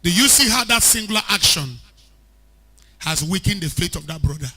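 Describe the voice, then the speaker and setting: A man preaching an animated sermon as a pastor, rising to shouts at times. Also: high-pitched, moderate pace, husky. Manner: animated preaching, shouting at peaks, mixing in Pidgin.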